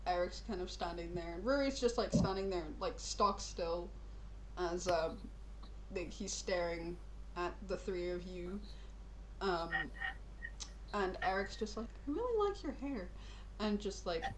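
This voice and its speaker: A woman's voice: fairly low pitch, steady tone, measured pace, slight background noise, rough recording. A woman narrating a tabletop game as game master, chatty and laughing. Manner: chatty, laughing, full of "like" and "just".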